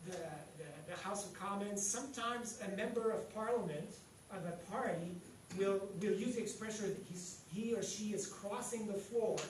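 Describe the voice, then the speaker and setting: Earnest man introducing a rally speaker. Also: sits high. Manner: earnest, repetitive, building emphasis. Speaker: event host introducing the speaker. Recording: echoey hall, distant mic, faint noise.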